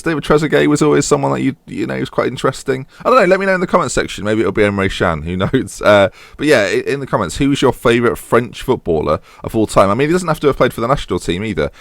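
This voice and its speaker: A man's voice: sits low, dry recording. A young man giving chatty, wry commentary over a football management game, often breaking off mid-sentence. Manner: chatty, wry, self-interrupting. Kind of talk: casual gameplay commentary.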